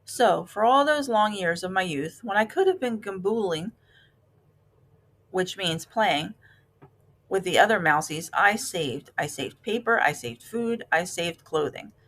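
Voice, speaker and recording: A woman voicing a fussy, stingy male mouse in a storybook reading, talking in a high, pitiful, theatrical way. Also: animated, unhurried, fairly bright tone. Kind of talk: storybook read-aloud.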